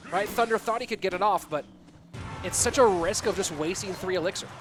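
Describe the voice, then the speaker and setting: An American man calls a live video game match, with a high, light voice. He chats loosely with his viewers between plays, and music runs steadily behind him. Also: brisk. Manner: chatty, reads and answers viewer chat. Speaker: esports caster. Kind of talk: live esports commentary with chat banter.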